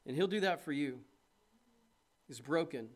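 A man preaching a sermon to his congregation, asking them questions directly and moving from quiet reflection to loud, impassioned appeals. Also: fairly high pitch, animated, a little slow.

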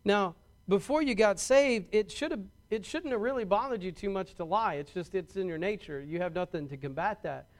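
A man's voice: sits high, moderate pace. A man preaching a sermon to his congregation in a conversational way, often restarting and repeating words and asking the congregation questions. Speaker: pastor.

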